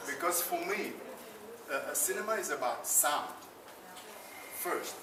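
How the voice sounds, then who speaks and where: A man's voice: on the high side, expressive, a little slow. A man, an actor on a debate panel, arguing in an impassioned way and repeating phrases for emphasis. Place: conference room at a film festival. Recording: roomy, distant mic, noisy ambience.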